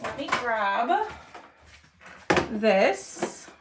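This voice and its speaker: A woman's voice: on the high side, very animated, extremely slow, very noisy. A woman, chatting casually with viewers while she crafts on a livestream, trailing off as she concentrates.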